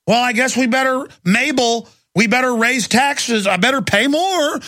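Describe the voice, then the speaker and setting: A man's voice: very high-pitched, normal speed, pushed and bright, pitched above the performer's own voice. A man putting on the voice of a naive husband who trusts authority. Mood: mock-earnest. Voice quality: mocking, simple-minded.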